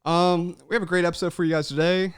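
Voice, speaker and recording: A man's voice: high-pitched, flat delivery, fast talker, clear, resonant tone, dry recording, clean studio sound. A young man hosting a podcast, chatting casually and animatedly, swearing freely and calling everyone "man.". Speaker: podcast host. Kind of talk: casual chat.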